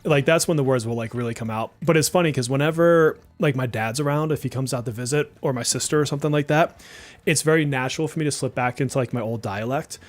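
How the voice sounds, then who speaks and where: A man with a faint Boston accent, co-hosting a casual podcast, relaxed and chatty with lots of fillers. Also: mid-range voice, quick pace. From New Jersey and Massachusetts, US. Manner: relaxed, chatty, laughs often, many likes. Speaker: podcast co-host.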